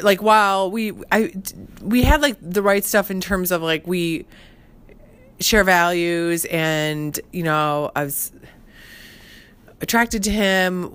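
A middle-aged woman with a somewhat low voice tells a personal story in relaxed, casual chat. She rambles and keeps filling gaps with "like" and "you know". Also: clear, resonant tone. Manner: chatty, heavy use of fillers like "like" and "you know". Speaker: podcast host.

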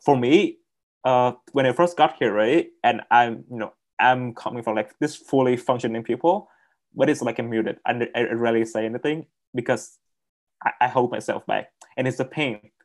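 Male guest, halting and sincere, mid-pitched voice. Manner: hesitant, restarts, plain words. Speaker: interview guest, coaching client. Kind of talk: personal testimony.

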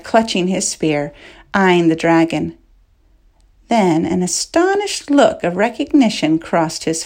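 A woman narrating a fantasy audiobook chapter with measured, dramatic storytelling. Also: mid-range voice. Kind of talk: scripted narration.

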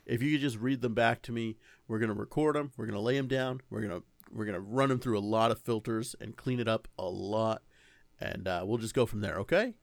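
A man's voice: on the low side, brisk, no echo. A man directing a recording session in a comic sketch, rambling and coaxing in a patient way. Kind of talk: comedic improvised sketch.

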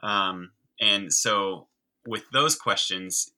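Brief: male podcast guest, lower register with a sharp bright edge, eager teacherly explainer. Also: drawn-out words, low-quality recording. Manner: enthusiastic, chatty explainer. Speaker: guest, sign language teacher. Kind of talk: conversational explaining.

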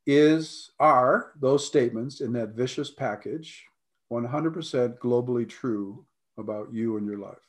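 An American man, a life coach, talking earnestly in a conversation, often clearing his throat and repeating his points. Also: medium pitch, unhurried.

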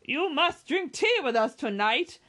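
Hearty country squire, louder and pushy, as a woman reads him. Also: sits high, very animated, measured pace, voice pushed up, heavily acted.

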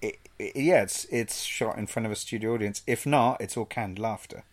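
A man co-hosting a film podcast who talks things through earnestly and pokes fun at himself. His voice sits on the low side. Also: normal speed. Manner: earnest, mock-pleading, self-deprecating. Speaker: podcast co-host. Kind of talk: casual chat.

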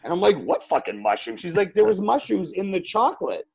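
A man's voice: sits high, a little fast, gravelly, slightly rough, dry recording, highs cut off. A man telling a story in casual chat, full of fillers and swearing, acting out what others said. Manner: animated, swearing, many fillers, acts out voices.

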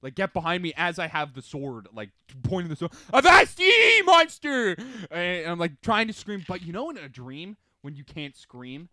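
A young man co-hosting a podcast, telling a story in animated casual chat and acting out his own shouts. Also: a little high, moderate pace, few pauses, no room sound. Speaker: podcast co-host.

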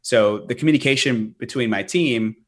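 Here a male business owner, interviewed as a podcast guest, lays out his methods earnestly, often stumbling into fillers and starting over. He speaks at a moderate pace in a mid-range voice.

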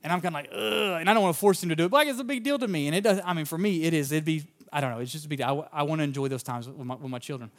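A male pastor with a somewhat high voice delivers a sermon. He tells a personal story in an earnest, folksy, down-to-earth way and speaks straight to his congregation. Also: very fast, hardly any pauses.

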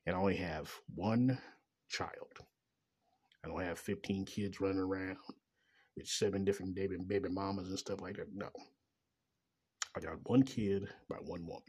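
Deep husky man, bitter and profane. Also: steady tone, normal speed, long pauses, a little mellow. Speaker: father venting about child support. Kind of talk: personal monologue.

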